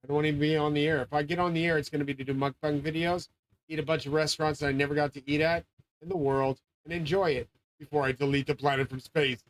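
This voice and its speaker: A man with a somewhat high-pitched voice rants into his own channel. He rambles from point to point, swears constantly and makes grandiose claims, often slipping into yelling. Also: fairly even intonation, quick pace, no echo, rough recording. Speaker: channel host. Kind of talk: profane monologue rant.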